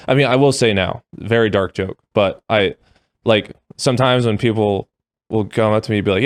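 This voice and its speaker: A young adult man as a podcast guest, talking in a deadpan way with dry humor. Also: lowish voice, brisk, no room sound. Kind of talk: casual podcast interview.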